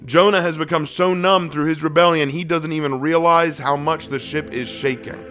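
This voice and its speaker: A man teaching a Bible study in a sermon style, swinging between emphatic bursts and slow, hushed phrases and acting out the people he quotes. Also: on the high side, faint music behind. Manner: acts out quoted speech with lively shifts in voice.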